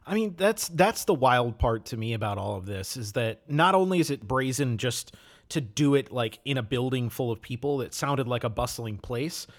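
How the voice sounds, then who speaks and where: A man's voice: mid-range voice, expressive, normal speed. Reflective man from Wisconsin. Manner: thoughtful, reflective, many "you know"s. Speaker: podcast host discussing a book. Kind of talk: casual chat.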